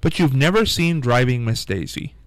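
A man's voice: mid-range voice, lively intonation, normal speed, smooth, dry recording, rough recording. A male radio host in casual on-air chat, rambling and searching for his words.

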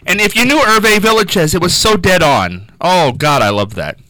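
A man hosting a radio show, telling an anecdote in a casual, animated way and laughing as he goes. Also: high-pitched, normal speed, no room sound, poor audio. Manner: animated, laughs through his stories. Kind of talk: casual storytelling chat.

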